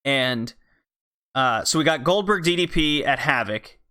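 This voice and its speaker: Bright, clear-voiced podcaster guy. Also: medium pitch, lively intonation, unhurried. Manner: blunt and profane, loose with fillers. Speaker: podcast host. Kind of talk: casual wrestling podcast recap.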